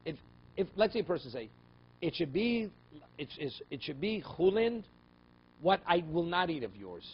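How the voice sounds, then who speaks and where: A rabbi leads a Talmud class in a somewhat high voice, reading Aramaic lines and explaining them in English. He keeps checking in with his students. The recording is a little dull, with faint room noise behind him. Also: sing-song, normal speed. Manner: mixes Aramaic quotes into English, asks "okay?" and "right?" often.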